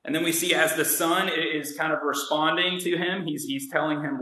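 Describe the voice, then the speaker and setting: A man's voice: fairly high pitch, fairly even intonation, normal speed, hardly any pauses, pushed and bright, roomy sound, rough recording. A man preaching a sermon in an earnest, conversational way, acting out the voices of the story's characters. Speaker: pastor.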